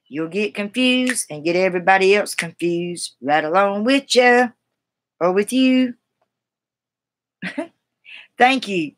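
A woman's voice: lowish voice, a little slow, long pauses. A woman from the American South with a Southern accent, chatting casually and rambling to viewers on a live stream. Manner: chatty, rambling, laughs easily.

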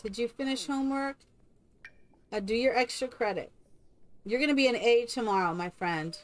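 A woman's voice: a little high, moderate pace. A woman streaming a game live, chatting casually and coaxing her characters like a doting mother.

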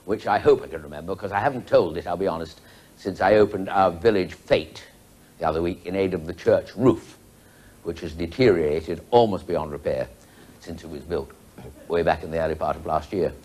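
A man's voice: low-pitched, fairly quick, a little mellow. A man telling a rambling joke at a TV birthday show, interrupting himself with asides. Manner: rambling, self-interrupting storyteller.

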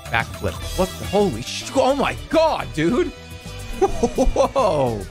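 Excitable male streamer with a bouncy voice. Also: sits high, slow pace, music in the background. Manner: excitable, yelps and swears, breaks into laughter. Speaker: live streamer. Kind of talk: casual live-stream chatter while gaming.

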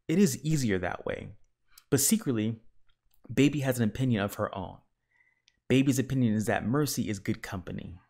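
Man reading a children's book. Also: mid-range voice. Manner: calm, measured narration. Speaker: storyteller. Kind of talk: children's book read-aloud.

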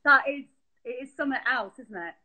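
A woman's voice: sits high, expressive, brisk, crowd noise, poor audio. A woman chatting as a guest on a video call, talkative and teasing. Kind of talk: casual video-call chat.

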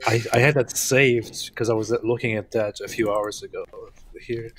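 A man's voice: medium pitch, unhurried, a bit bright, slightly rough. A man chatting on a live stream with dry, teasing humor. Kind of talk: casual live stream chat.

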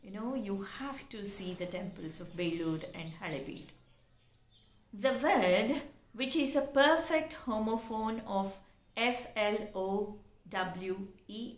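A woman, teaching pronunciation by spelling out words and explaining them slowly and carefully. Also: mid-range voice, slight background noise. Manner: slow, careful and deliberate. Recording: echoey room.

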